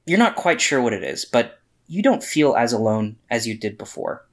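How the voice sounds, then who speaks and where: A man narrating as game master of a tabletop role-playing game, animated and loud at times, cursing casually. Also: medium pitch, normal speed.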